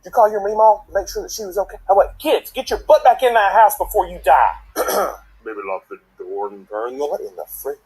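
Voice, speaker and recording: A man with a Southern US accent performing a comedy sketch in an animated, exaggerated folksy way. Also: sits high, brisk, slightly rough, low-quality recording.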